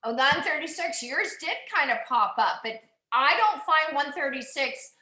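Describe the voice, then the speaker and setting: Cycling instructor, woman: bright, higher voice, encouraging, in a roomy space. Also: animated, normal speed. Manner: upbeat, encouraging, calls out numbers. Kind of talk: coaching an indoor cycling class. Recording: echoey room.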